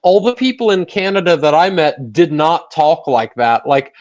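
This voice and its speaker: American man, chatty co-host, rambly with fillers, slightly high voice. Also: moderate pace, darkish tone. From United States. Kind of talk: casual chat.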